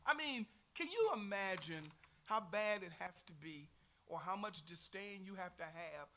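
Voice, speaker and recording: A man's voice: high voice, lively intonation, unhurried, sharp tone. A middle-aged man with a Texan accent teaching a Sunday Bible class in a folksy, earnest way, teasing his class now and then.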